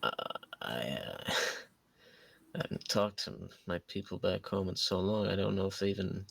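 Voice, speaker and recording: A man's voice: sits low, animated, vocal fry, a bit bright, husky, full character voice. Man voicing a hesitant young woman runaway. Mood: wistful. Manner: hesitant, halting, full of pauses.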